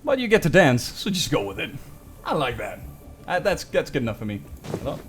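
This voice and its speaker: A young man livestreaming a game reads item texts aloud and tosses in joking asides as commentary. His voice is fairly high with huge pitch swings and a brisk pace, over a little hiss or hum.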